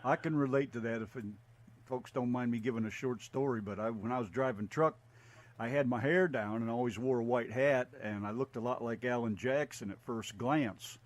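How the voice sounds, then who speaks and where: A man's voice: medium pitch, fairly quick. A man from Texas, hosting a radio interview with easygoing, joking banter. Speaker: radio show host. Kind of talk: casual interview chat.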